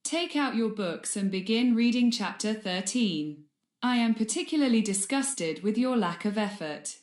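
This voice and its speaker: A woman's voice: a little high, expressive, normal speed, darkish tone, natural voice. A woman voicing a cold, malicious male wizard professor in a fan audiobook, with a sneering manner. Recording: roomy echo.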